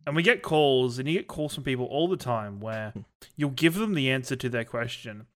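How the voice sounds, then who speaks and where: A man's voice: mid-range voice, lively intonation, moderate pace. A young Australian man with an Australian accent, earnestly explaining his work frustrations on a podcast panel. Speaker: IT service desk worker on a podcast panel. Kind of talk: casual roundtable chat.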